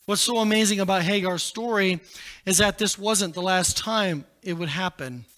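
High bright-voiced male pastor preaching. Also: moderate pace. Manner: dramatic, rising to shouts and dropping low. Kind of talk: sermon.

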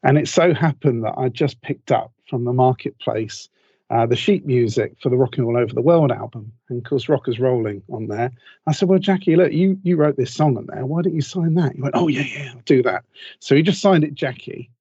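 A male podcast co-host with a husky, mellow voice tells a story in a chatty way, full of ums, and acts out what each person said. The recording is dry and a bit dull and lo-fi. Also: mid-range voice, brisk, dry recording. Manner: storyteller who acts out quotes, many ums. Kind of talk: casual chat, anecdote.

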